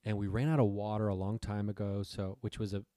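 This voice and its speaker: A man's voice: on the low side, level tone, fast, dark tone, no room sound, clean studio sound. A man telling a long rambling story in casual chat, swearing freely and acting out what people said.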